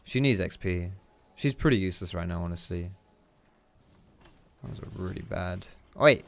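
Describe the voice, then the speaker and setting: A man's voice: deep voice, lively intonation, normal speed, gravelly, a bit bright. A young man giving casual, chatty commentary over his own gameplay, swearing and tossing out teasing asides.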